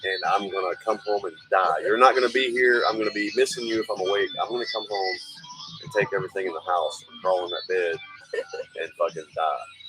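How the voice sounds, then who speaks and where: A man hosting a late-night livestream, chatting in a relaxed, profane, joking way. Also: deep voice, fast, over music. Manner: profane, laid-back banter. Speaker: livestream host.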